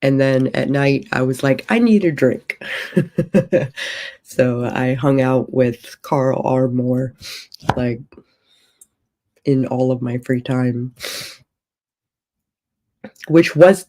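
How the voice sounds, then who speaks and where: A woman's voice: extremely low pitch, flat delivery, takes it slowly, long pauses, mellow. A woman streamer and author chatting casually on a livestream from a hotel room, rambling and thinking aloud.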